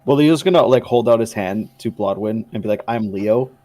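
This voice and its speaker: A man with a somewhat low voice describes his character's actions in a tabletop game, loose and jokey. He talks casually, with many fillers. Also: animated, fairly quick, dark tone. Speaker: player voicing his character. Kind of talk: tabletop role-play narration.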